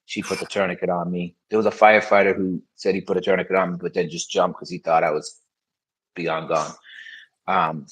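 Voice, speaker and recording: A man's voice: sits low, flat delivery, a little fast, slightly rough, low-quality recording. A man as a podcast guest, telling his story in frank, casual conversation with many fillers.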